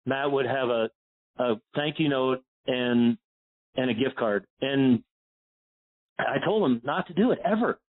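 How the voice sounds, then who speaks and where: A man's voice: medium pitch, unhurried, long pauses. A man from Pennsylvania, a golf instructor telling a long personal story in an interview, rambling with many fillers and getting choked up. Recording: phone-like line.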